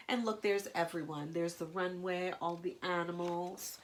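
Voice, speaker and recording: A woman's voice: on the low side, steady tone, normal speed, hardly any pauses, a little hiss or hum. A woman with a nasal voice reading a picture book aloud and breaking off for playful, gushing asides. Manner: playful, gushing asides between read lines.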